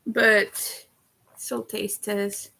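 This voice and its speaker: A young woman chatting casually on a livestream, giggly, with occasional vocal fry. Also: medium pitch, flat delivery, extremely slow, sharp tone. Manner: chatty and giggly, laughs often. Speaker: streamer.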